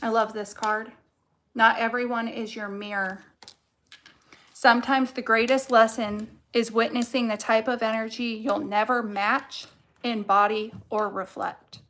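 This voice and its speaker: A woman's voice: fairly high pitch, little pitch movement, a little slow, fairly bright tone. A young adult woman giving a casual tarot card reading, blunt and fired up, swearing heavily as she talks.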